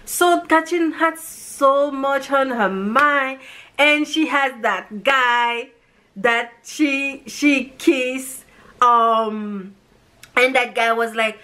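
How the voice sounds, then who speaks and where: A woman's voice: sits high, takes it slowly, sharp tone. A woman from Haiti, talking through a movie review in a rambling, emotional way and acting out what the characters said. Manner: rambling, emotional, acts out quoted lines. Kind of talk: casual emotional retelling.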